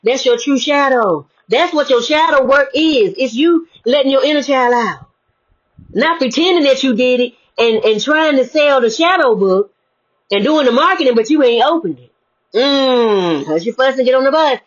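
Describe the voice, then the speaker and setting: A woman's voice: high-pitched, animated, normal speed. A woman giving a preachy motivational spiritual talk, casual and full of rhetorical questions. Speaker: spiritual speaker. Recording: dull lo-fi recording.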